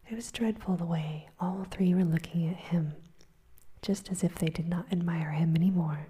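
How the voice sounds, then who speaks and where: A woman reading a storybook aloud in a breathy whisper, softly voicing the characters' lines. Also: on the low side, fairly even intonation. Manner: soft, unhurried reading that voices the characters' lines.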